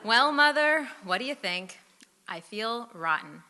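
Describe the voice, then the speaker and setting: A woman's voice: fairly high pitch, expressive, measured pace, pushed and bright, slight background noise. A woman playing an exasperated grown daughter. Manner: exasperated, placating. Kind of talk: live comedy sketch.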